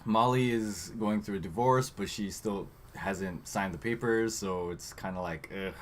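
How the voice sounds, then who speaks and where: A man's voice: on the low side, unhurried, a little hiss or hum. A man co-hosting a podcast, recapping a movie in casual chat and reading from his notes with lots of fillers. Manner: rambling, trails off with fillers, reads from notes. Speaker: podcast co-host.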